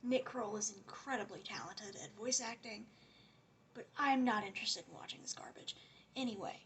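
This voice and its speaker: A woman's voice: mid-range voice, normal speed, a bit bright, a little hiss or hum. A woman giving a casual, rambling rant as a commentary vlogger, sarcastic and often dropping to a whisper.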